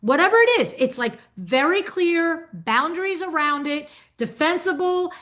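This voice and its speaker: A woman's voice: extremely high pitch, unhurried, few pauses. An older woman coaching designers in a webinar, talking animatedly and acting out client conversations as she goes. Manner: animated, acts out client dialogues. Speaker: business coach for interior designers. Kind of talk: webinar teaching.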